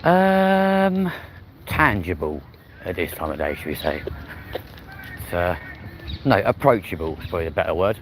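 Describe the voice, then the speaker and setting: A man's voice: low voice, very animated, normal speed, long pauses, low-quality recording. A man, chatting bluntly and swearing freely while live-streaming on a walk through a city park. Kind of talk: casual walking live stream. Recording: loud outdoor wind and street noise. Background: wind and traffic noise.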